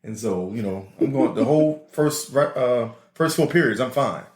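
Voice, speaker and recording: A man's voice: medium pitch, moderate pace, echoey room. A man with a New Orleans accent, co-hosting a podcast and telling laughing stories about his school days. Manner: laughing, animated storyteller. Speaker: podcast co-host. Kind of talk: casual storytelling chat.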